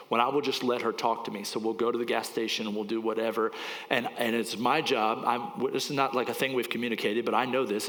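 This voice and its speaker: A man's voice: medium pitch, fairly bright tone. A man in his forties, a pastor teaching in a casual, rambling way, at times choked up with emotion. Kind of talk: sermon, conversational teaching. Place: church. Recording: church hall with long reverb.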